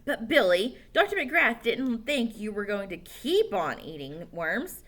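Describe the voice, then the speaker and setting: A patient mother gently chiding her son, her voice bright and lilting, a little higher than the narration, as a woman reads her in a storybook. She speaks kindly but firmly. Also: very animated, a little slow, full character voice. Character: patient mother, mildly scolding.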